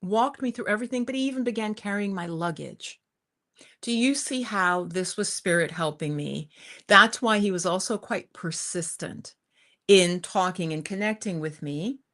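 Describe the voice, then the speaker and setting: A woman's voice: medium pitch, normal speed. Chatty middle-aged woman storyteller. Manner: chatty and animated, often laughing and saying "you guys". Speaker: spiritual teacher hosting a livestream. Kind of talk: live-streamed personal storytelling.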